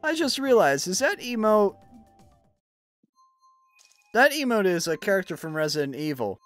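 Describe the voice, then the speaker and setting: A man's voice: high-pitched, big pitch swings, moderate pace, a bit bright, no echo, soft background music. A young adult man streaming, chatting casually while gaming, rambling with lots of fillers and swearing freely.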